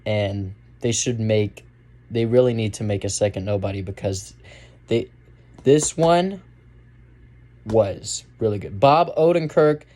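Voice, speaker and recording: A man's voice: fairly low pitch, a little slow, long pauses, warm tone. A young man giving a casual, rambling movie review, full of fillers and restarts. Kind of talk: casual spoken film review.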